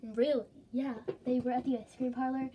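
A woman voicing a shy, awkward teenage boy in a toy role-play, talking in a low, hesitant mumble. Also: little pitch movement, moderate pace, warm tone, a little hiss or hum, close to an everyday voice. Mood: explaining.

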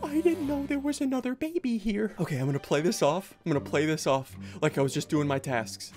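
A man hosting a gaming video, commentating his own play excitedly, often laughing and repeating himself. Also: sits high, fast talker, few pauses, faint music behind.

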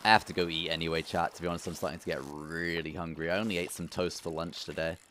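A young man streaming a farming game, who swings from loud outbursts to low muttering. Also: little pitch movement, fast, slight background noise. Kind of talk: live gameplay commentary.

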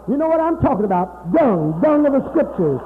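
A man preaching a sermon to his congregation in a mocking, profane manner, swinging between loud outbursts and hushed, confiding talk. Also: very high-pitched, big pitch swings, normal speed, a little hiss or hum. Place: church hall. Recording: tinny old tape from a reverberant hall.

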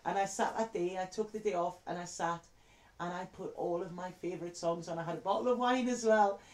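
A woman's voice: fairly low pitch, a little fast, darkish tone, roomy sound. A woman, a tarot reader telling a heartfelt story to camera in a chatty way. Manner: heartfelt, chatty, repeats words.

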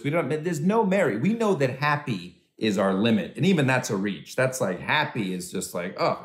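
Male stand-up comic performing from home over a video call, lively delivery, roomy echo. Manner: animated, swoops into high voices for quoted people. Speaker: stand-up comedian. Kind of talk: stand-up comedy set for a virtual charity dinner.

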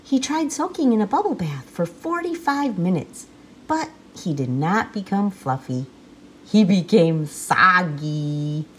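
A woman reading a children's picture book aloud with expressive storytelling. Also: mid-range voice, slight background noise. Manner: slow, lively, expressive reading.

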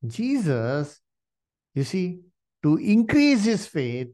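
Animated preacher with a lively voice. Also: male voice, high-pitched, slow pace. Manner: animated, many "you see" and "uh" fillers; addresses listeners as "dear brethren". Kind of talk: Bible study sermon.

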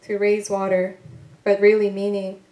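A woman from Korea reading her poems aloud at a live literary event, slow and deliberate with pauses between lines, with soft, tentative asides between poems. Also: medium pitch, completely flat delivery. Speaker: poet reading her work. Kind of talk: poetry reading. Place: event room at a literary venue. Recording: echoey live event room.

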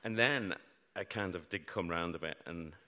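A man's voice: low-pitched, moderate pace, bright, forceful tone, slight background noise. A middle-aged British man telling a true story to a live audience with wry, self-mocking humour about grim events. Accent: British English. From Britain. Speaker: storyteller on stage. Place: large hall before an audience. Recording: live hall with long reverb.

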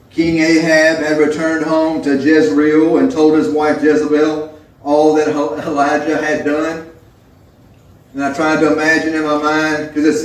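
Pastor guy preaching in church, talks it through casual, big echo and kinda distant mic. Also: fairly high pitch. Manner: reads scripture then preaches conversationally, acts out quoted voices. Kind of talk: sermon. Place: church sanctuary. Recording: very echoey church hall, mic far off.

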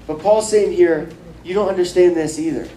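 A man's voice: high-pitched, moderate pace, warm tone, slight background noise. A young man teaching a casual bible lesson, talking loosely with many fillers and acting out quoted lines. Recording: echoey room from far off, faint ambience.

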